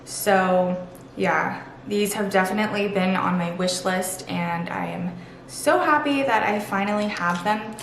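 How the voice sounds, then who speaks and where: In an echoey room, a woman vlogger chats casually through a sponsored video, gushing about things she loves. Her medium-pitched, fairly bright voice keeps a measured pace, upbeat and sprinkled with "super" and "literally."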